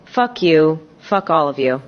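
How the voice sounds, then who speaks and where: A woman's voice: sits low, animated, unhurried, muffled recording. An AI-style voice of a woman playing a bitter, defeated politician ranting with sarcastic profanity.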